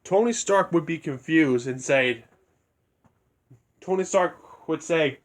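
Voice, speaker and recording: A young man with a fairly high voice, rambling through a fan scenario in a loose, unscripted way. He restarts sentences often and keeps a casual tone. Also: slow. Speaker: video creator.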